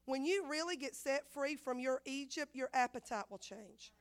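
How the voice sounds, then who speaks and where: A woman preaching a sermon, repeating phrases and acting out the voices in her story, swinging from loud to hushed. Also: high-pitched, normal speed. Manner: dramatic swings of loudness, acts out quotes, repeats phrases.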